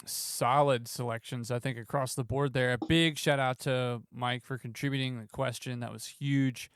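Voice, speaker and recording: A man hosting a podcast, asking relaxed, rambling questions with plenty of "kinda" and "you know". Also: medium pitch, normal speed, clear, resonant tone, no echo, clean studio sound. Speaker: podcast host. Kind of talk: conversational interview questions.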